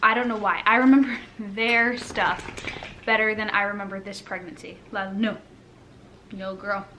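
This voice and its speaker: A woman's voice: mid-range voice, fairly even intonation, moderate pace, background noise. A young woman chatting casually to the camera at home, rambling with lots of fillers, a little out of breath while pregnant. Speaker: lifestyle vlogger. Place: home, indoors.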